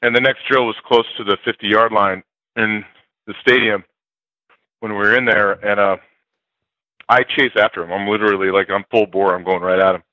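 A man's voice: fairly low pitch, normal speed, long pauses, no room sound, dull audio. An older man, a former player, telling stories in an interview and acting out the quotes with a laugh. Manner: animated storyteller, acts out quotes loudly, laughs often. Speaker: former college football player, guest. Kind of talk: interview storytelling.

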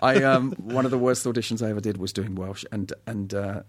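Male actor, animated storyteller, laughs a lot, dry room. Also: fairly low pitch, a little fast, no room sound. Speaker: actor guest. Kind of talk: casual chat.

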